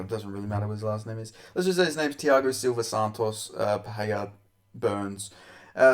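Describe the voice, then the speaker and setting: A young man hosting a casual commentary vlog, talking crudely with lots of swearing, rambling and often laughing. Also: mid-range voice. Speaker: MMA commentary host.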